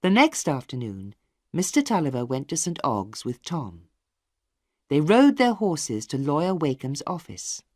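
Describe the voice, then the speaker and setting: A storyteller reading a simple novel aloud for English learners, slowly and with clear spacing. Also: mid-range voice, very animated, a little mellow, no room sound, studio quality. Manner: slow, clearly spaced storytelling. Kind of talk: slow graded-reader narration for English learners.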